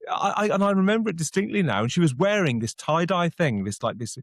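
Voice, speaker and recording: A man co-hosting a podcast, telling a personal story in a lively way and acting out the voices in it. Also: fairly high pitch, quick pace, no echo. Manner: animated storyteller, acts out quotes. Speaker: podcast co-host. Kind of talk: casual storytelling chat.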